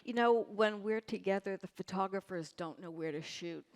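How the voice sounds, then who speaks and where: A woman's voice: medium pitch, normal speed, few pauses, darkish tone. A woman giving off-the-cuff, joking and self-deprecating thank-you remarks on stage. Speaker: honoree of a tribute. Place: large event hall.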